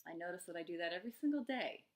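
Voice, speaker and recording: A middle-aged woman coaching on eating struggles in a gentle, musing self-help talk, with soft laughs between thoughts. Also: lowish voice, lively intonation, rapid-fire.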